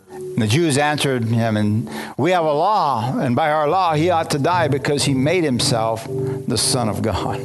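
A man preaching a sermon, reading scripture aloud and breaking off into fervent commentary, often restarting his phrases. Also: mid-range voice. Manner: fervent, repeats and restarts phrases, asks the congregation. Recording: music playing behind.

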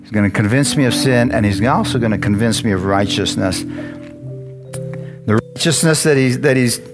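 A man's voice: medium pitch, normal speed. A man preaching a sermon in a church, telling his own story and calling out questions to the congregation. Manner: animated, calls out to the congregation. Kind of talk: sermon with personal testimony. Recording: guitar music playing behind the voice. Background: guitar music.

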